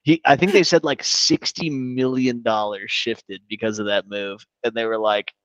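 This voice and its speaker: A man's voice: mid-range voice, moderate pace, no room sound, rough recording. A man co-hosting a casual sports podcast, telling stories with energy, swearing freely and calling people dude. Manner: animated storyteller, swears freely, says "dude". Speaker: podcast co-host.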